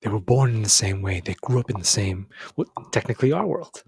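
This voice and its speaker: Husky-voiced man musing on a podcast. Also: fairly low pitch, lively intonation, a little fast, no room sound, studio quality. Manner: musing, thinks aloud with restarts. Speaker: podcast co-host. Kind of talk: casual podcast discussion.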